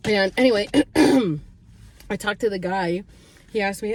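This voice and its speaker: A woman chatting to the camera in a casual vlog from a parked car, bubbly and chatty, acting out what others said in a high voice. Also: moderate pace, slight background noise. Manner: chatty and bubbly, retells with excited high quotes. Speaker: vlogger. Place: parked car on a road trip.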